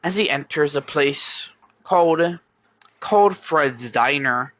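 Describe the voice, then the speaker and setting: A man's voice: a little high, animated, slow, a bit bright, dry recording. A man improvising casual narration for a story, loose and stumbling over restarts.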